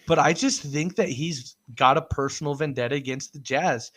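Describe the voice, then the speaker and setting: A man's voice: on the high side, moderate pace, fairly bright tone. Man, sports talk co-host, storytelling, laughs a lot, casual. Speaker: podcast co-host.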